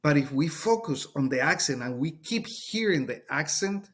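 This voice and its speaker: A man's voice: on the high side, lively intonation, moderate pace, breathy edge. A man with a Colombian Spanish accent, a Spanish teacher talking earnestly in a podcast interview and sometimes searching for words.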